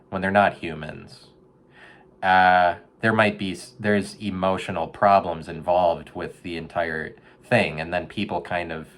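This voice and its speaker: A man hosting a podcast, rambling in a deadpan comic monologue and now and then breaking into a loud mock pep talk. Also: low voice. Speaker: podcast host. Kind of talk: casual comedic monologue.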